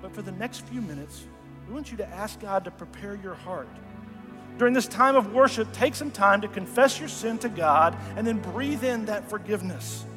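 A high-pitched man preaching from a church, dramatic and earnest as he retells scripture, often sinking to a hush. His voice rings through a long hall reverb, with soft music playing beneath. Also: moderate pace. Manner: dramatic, earnest storytelling with soft drops in volume. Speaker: pastor. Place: church sanctuary. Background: faint music.

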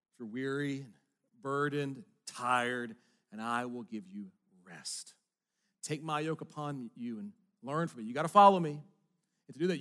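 Earnest man preaching a sermon. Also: medium pitch. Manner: earnest, swings from hushed to emphatic. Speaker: pastor.

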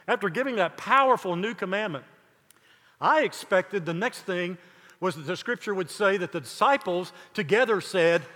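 An older man preaching a sermon, emphatic, building lists of words with dramatic pauses. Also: high-pitched, bright, forceful tone, big-room sound. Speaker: pastor.

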